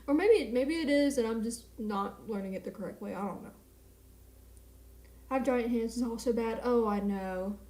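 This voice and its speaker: A woman's voice: fairly high pitch, a little fast, hardly any pauses, warm tone, roomy sound. A young woman streamer chatting casually and rambling, with a self-mocking manner, in a small home apartment at night. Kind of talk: casual live-stream chat.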